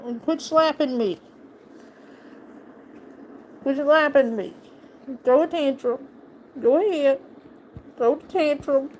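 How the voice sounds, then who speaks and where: A woman on a casual live stream who playfully teases her pet. She talks in a fairly high voice and at a very slow, unhurried pace. A faint ambient hum runs underneath. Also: a little mellow.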